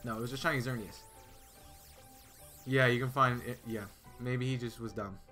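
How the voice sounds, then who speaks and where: A bright, forceful male voice chatting loosely with his live chat as he plays a game. He rambles through stories and answers viewers, stumbling over restarts and fillers. Faint music plays underneath. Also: mid-range voice, fairly even intonation, normal speed. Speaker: streamer. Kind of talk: casual live-stream chat.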